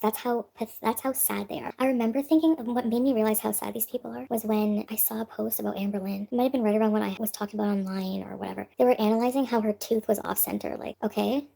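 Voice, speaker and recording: A woman's voice: a little high, creaky, dark tone, husky, rough recording. A woman from Canada livestreaming, answering chat comments in a defensive, dismissive way. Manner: defensive, dismissive, brushes off critics.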